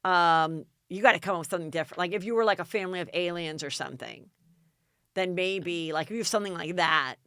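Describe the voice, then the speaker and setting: A middle-aged American woman hosts a casual chat podcast, spinning a long anecdote with lots of animated asides. Her voice is bright and clear, recorded close and dry with no room sound. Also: on the low side, quick pace, no room sound. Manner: animated, dramatic retelling with quoted voices. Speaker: podcast host.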